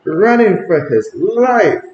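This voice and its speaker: A man hosting a casual sports livestream, reading viewer comments aloud and calling the plays, getting excited when the action picks up. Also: sits high, takes it slowly, muffled recording. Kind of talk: casual play-by-play and chat reading. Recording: echoey room with faint ambient noise.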